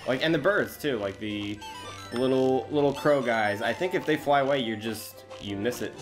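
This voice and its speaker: A let's play host with a medium-pitched voice talks at a moderate pace while playing a video game, thinking aloud and poking fun at himself. Game music plays behind him.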